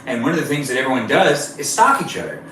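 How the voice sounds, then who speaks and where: A man's voice: mid-range voice, sing-song, fast, fairly bright tone, very echoey, slight background noise. Man, casual live-stream chat, playful, rambling, mic at a distance, faint ambience. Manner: chatty, playful, rambling, talks to viewers.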